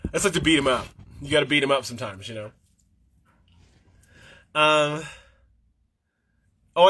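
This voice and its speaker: A worn-out man hosts a casual livestream, rambling bluntly and swearing freely. His voice sits a touch high and rings bright and forceful. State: tired. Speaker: livestream host.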